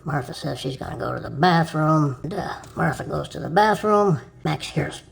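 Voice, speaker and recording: A woman tells jokes in a loose, casual way, and she often laughs partway through them. Her voice sits low and has a heavy gravel to it. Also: expressive, moderate pace. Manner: breaks into laughter mid-joke. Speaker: joke teller. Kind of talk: casual joke telling.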